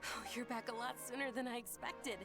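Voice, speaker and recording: An actress voicing a kind, gentle young noblewoman in a video game, speaking softly and politely. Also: fairly high pitch, flat delivery, fairly quick, loud music behind the voice, close to an everyday voice.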